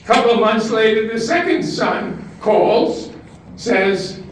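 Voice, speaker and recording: A man's voice: sits high, takes it slowly, slight background noise. An older man from Brooklyn tells jokes in a stand-up act at a talent show and chuckles at his own punchlines. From Brooklyn, New York. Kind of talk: stand-up joke telling. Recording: distant, very echoey hall recording.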